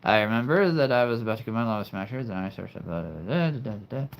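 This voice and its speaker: A man's voice: mid-range voice, lively intonation, fast, slight background noise. A man hosting a live stream, talking to his viewers in an earnest, heartfelt, reflective way. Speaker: livestream host.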